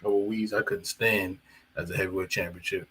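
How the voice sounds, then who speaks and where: A man's voice: low voice, steady tone, normal speed, a bit bright, a little hiss or hum, poor audio. A man hosting a live boxing talk stream, chatting in a rambling way with fillers and self-corrections. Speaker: boxing commentator and channel host. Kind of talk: casual live-stream commentary.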